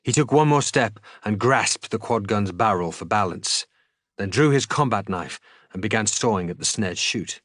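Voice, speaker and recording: A man reading a novel aloud in an expressive, dramatic audiobook style as a streamer. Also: fairly low pitch, normal speed, no room sound, clean studio sound.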